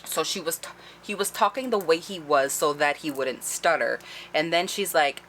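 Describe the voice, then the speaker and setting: A woman giving a casual, animated, profane book review, with many "like"s. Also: sits low, moderate pace, a little hiss or hum. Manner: animated, profane, heavy use of "like".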